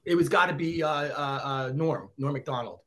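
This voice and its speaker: A middle-aged man as a podcast guest, an excitable storyteller who acts out quotes in casual chat. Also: a little high, moderate pace, slight background noise. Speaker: podcast guest, former celebrity reporter.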